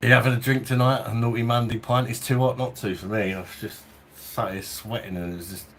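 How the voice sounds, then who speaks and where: A man's voice: fairly low pitch, brisk. A man from London with a Cockney and South East London accent, chatting casually and rambling on a livestream beer review at home. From London, England. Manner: chatty and rambling, chuckles often. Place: home in hot weather, fan nearby.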